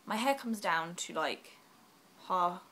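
A young woman vlogging casually while she is unwell, rambling and self-deprecating with quick asides. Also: on the low side, animated, fairly bright tone, slightly rough. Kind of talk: casual vlog chat.

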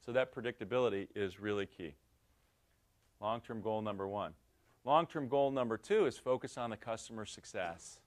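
Middle-aged man, lower voice, animated lecture storyteller who slips into quoted dialogue, lots of restarts. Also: moderate pace. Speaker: guest speaker. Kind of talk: lecture with anecdotes.

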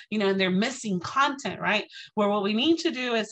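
A woman giving an inspirational lecture, telling lively stories and acting out the voices of people she quotes, with lots of "you know" and "right". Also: mid-range voice, rapid-fire, few pauses, low-quality recording. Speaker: speaker.

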